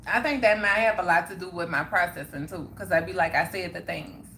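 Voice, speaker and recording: A young woman talks casually to her livestream viewers and answers their comments. Her voice is bright and sharp. She is emphatic and keeps circling back to the same points. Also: fairly low pitch, fairly quick, a little hiss or hum. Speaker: livestream host.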